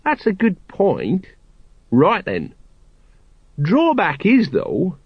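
Worried gloomy sergeant done by a man, slow hopeful rambling, voice jumps around a lot, dry lo-fi sound. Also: high voice, wildly swooping pitch, husky, dry recording, pitched above the performer's own voice, full character voice. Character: gloomy, anxious middle-aged male sergeant. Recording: dull, lo-fi audiobook recording.

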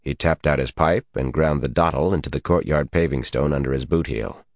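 A male audiobook narrator with a very deep voice, reading with steady, dramatic storytelling. The sound is dry and close, with no room around it. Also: a little fast, hardly any pauses, no echo. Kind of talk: scripted narration.

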